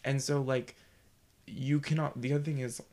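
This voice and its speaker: A man co-hosting a podcast, chatting casually and rambling with many halting restarts. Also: medium pitch, fairly even intonation, darkish tone. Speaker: podcast co-host. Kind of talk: casual chat.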